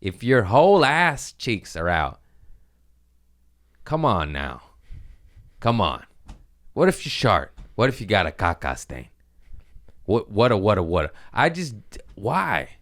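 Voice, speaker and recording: A man's voice: lowish voice, wildly swooping pitch, slow, pauses often, fairly bright tone. A young man hosting his own podcast, rambling in crude, self-mocking casual chat. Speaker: podcast host.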